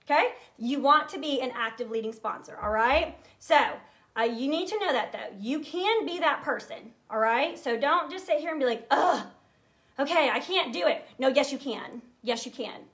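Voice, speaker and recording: A woman in her thirties, a sales team leader, giving an energetic, earnest live training talk straight to her viewers. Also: high voice, moderate pace. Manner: energetic, earnest, fired up, talks directly to viewers.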